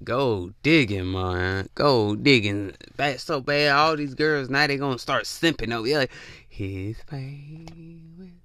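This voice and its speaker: A man's voice: medium pitch, a little slow, few pauses, bright, forceful tone, clear, resonant tone, no echo. A young man ranting in a blunt, profane, slangy monologue, repeating himself for emphasis. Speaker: podcast host. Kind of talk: casual monologue rant.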